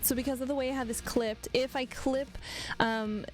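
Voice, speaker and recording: A woman's voice: sits high, fairly even intonation, normal speed, soft background music. A young woman chatting casually with her stream while she draws, rambling and laughing often. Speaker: vtuber art streamer. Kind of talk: casual livestream chat while drawing.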